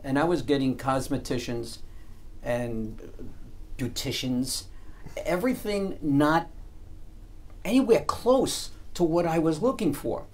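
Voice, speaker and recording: A man's voice: on the high side, takes it slowly, pauses often. A man hosting a business talk show, telling a rambling personal anecdote in a casual way. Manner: rambling anecdotal storyteller with restarts. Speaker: radio show host. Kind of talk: casual storytelling.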